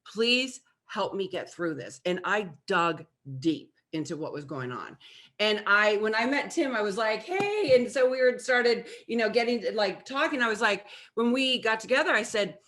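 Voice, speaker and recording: Co-host, woman, bright clear tone, candid and reflective storyteller. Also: medium pitch, moderate pace.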